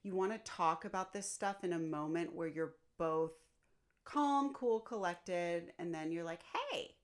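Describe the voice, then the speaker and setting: A woman's voice: fairly low pitch, unhurried. A woman co-hosting a podcast, chatting casually and bluntly, with some swearing. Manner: blunt, expressive, swears freely. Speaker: podcast co-host. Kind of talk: casual chat.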